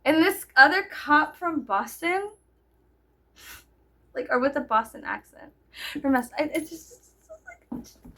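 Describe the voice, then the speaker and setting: A woman's voice: sits high, expressive, a little slow, pauses often, bright, forceful tone. A young woman from Texas, telling a story in a rambling, giggly casual chat and swearing freely. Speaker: storyteller vlogger.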